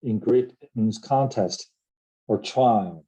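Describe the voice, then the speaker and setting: Slow, deep-voiced man teaching vocabulary. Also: dark tone, rough recording. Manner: explains word roots, spells words out letter by letter, frequent "right?" and "uh". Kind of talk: recorded vocabulary lesson.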